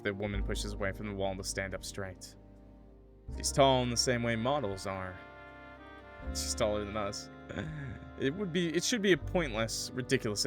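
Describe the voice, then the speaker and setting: Excitable man streaming a visual novel. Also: fairly low pitch. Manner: excitable, swears, laughs loudly. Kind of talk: casual let's-play commentary and narration.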